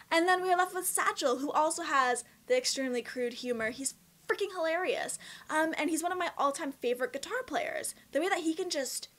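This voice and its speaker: Bubbly young Canadian woman vlogger with a Canadian accent, high bright voice, expressive casual delivery. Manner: bubbly, chatty and expressive, with laughs and emphatic swings. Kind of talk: casual Q&A vlog.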